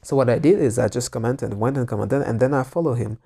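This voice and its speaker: A man's voice: mid-range voice, fast, vocal fry, warm tone, slightly rough. A man hosting a solo podcast, giving earnest, rambling social media advice with many restarts.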